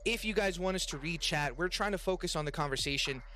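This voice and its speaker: A quick, bright, forceful voice on the high side belongs to an American podcast co-host who waits tables. He chats casually about serving, rambling and starting sentences over, while soft music plays.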